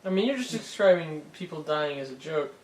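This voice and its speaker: A man's voice: a little high, animated, brisk. A man co-hosting a podcast, telling an anecdote in casual chat and acting out the quoted lines. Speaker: podcast co-host. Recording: echoey room.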